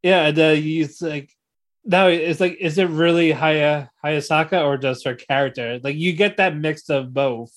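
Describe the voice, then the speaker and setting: Slightly high-voiced man chiming in. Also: fairly even intonation, a little slow. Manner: chimes in with short agreements and corrections, laughs often. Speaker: podcast co-host. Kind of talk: casual anime recap chat.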